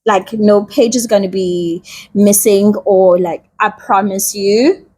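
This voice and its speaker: A woman shares a bible lesson in a relaxed vlog. She talks slowly and chattily, repeats herself and drops into slang, and her voice has a faint huskiness at a middle pitch. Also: breathy edge. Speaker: bible teacher, vlogger. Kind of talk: casual bible teaching vlog.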